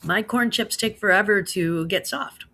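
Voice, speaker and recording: A chatty woman in her thirties with a Midwestern American accent, hosting a relaxed livestream from home. Her voice is bright and forward. She talks in a loose, friendly way, slips into slang and laughs easily between comments. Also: mid-range voice, normal speed. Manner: chatty, laughs often, says girl and slaps. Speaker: livestream host reading chat. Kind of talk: casual chat.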